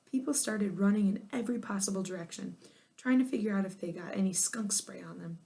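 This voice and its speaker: Expressive female narrator for a children's chapter book, lively delivery. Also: mid-range voice, a little fast, gravelly. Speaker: audiobook narrator. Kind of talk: children's storybook reading.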